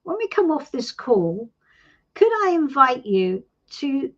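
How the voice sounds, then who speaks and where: Middle-aged British woman, tarot host; warm, encouraging coaching talk, animated delivery over slightly muffled stream audio. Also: sits high, slow. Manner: warm, reassuring, calls people sweetie. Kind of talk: live-stream coaching chat.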